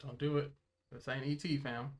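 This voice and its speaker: A man's voice: medium pitch, flat delivery, normal speed. A young man co-hosting a reaction video, giving slangy, jokey running commentary as he watches.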